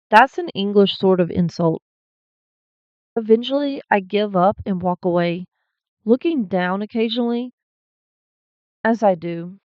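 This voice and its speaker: A woman at an unhurried pace reads ghost stories aloud as host, pausing to cut in with blunt, profane remarks. Her voice sits dry and close, with a slightly dull lo-fi sound. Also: mid-range voice, a little mellow, dry recording. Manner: breaks in with blunt, swearing asides. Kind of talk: reading stories aloud with commentary.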